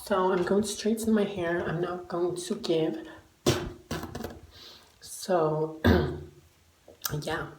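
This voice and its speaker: A man's voice: high voice, very slow, long pauses. A young man vlogging in a playful, cursing way, often dropping into whispered asides. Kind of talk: casual vlog chat. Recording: echoey room with background noise.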